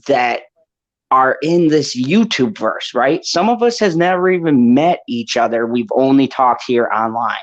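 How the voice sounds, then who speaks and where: Impassioned man hosting a podcast. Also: medium pitch. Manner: impassioned, laughs often, swears. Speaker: podcast host. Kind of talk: casual panel chat. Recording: dull lo-fi call audio.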